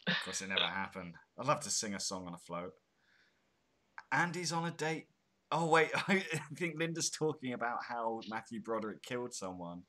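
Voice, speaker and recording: A man's voice: mid-range voice, big pitch swings, normal speed, pushed and bright. A man from the UK hosting a casual chat, rambling through tangents with chuckling asides. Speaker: host. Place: home in Spain.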